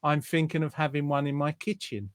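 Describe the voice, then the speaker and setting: A man's voice: on the high side, steady tone, brisk, crowd noise. A man hosting a casual online show over a video call, chatting and reading viewer comments aloud with plenty of fillers. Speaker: host.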